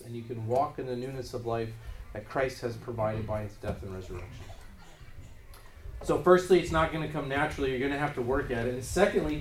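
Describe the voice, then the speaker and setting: A man preaching a sermon, pressing his points with emphatic rises in force. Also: fairly high pitch. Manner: emphatic, rising in force on key phrases. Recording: roomy echo, voice from a distance.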